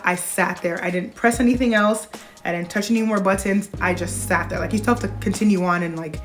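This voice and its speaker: A young woman in her twenties, a pediatric nurse, telling a personal story to camera in a casual, animated way with bursts of laughter. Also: fairly low pitch.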